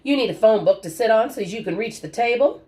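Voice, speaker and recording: A woman voicing a folksy, teasing old grandfather who is gentle underneath, with a drawling country way of talking. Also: on the high side, lively intonation, fast, voice pushed up, close to an everyday voice.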